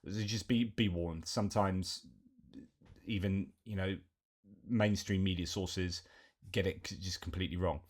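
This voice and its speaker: Man, news commentator, casual talk, lowish pitch, lots of "uh"s. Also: steady tone, unhurried, long pauses. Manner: chatty, reels off lists, frequent fillers.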